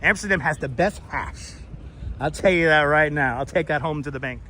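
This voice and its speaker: Hosting a relaxed live stream outdoors in a city, a man who also works as a tour guide speaks at normal speed in a fairly high, pushed and bright voice. He's loose, swears and laughs often. His wireless clip-on mic carries a little hiss or hum.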